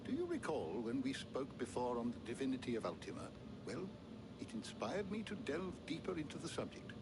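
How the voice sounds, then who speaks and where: A man's voice: mid-range voice, wildly swooping pitch, fairly quick, heavy background noise. An actor playing an eccentric old male scholar in a game, lecturing in a fussy, learned way.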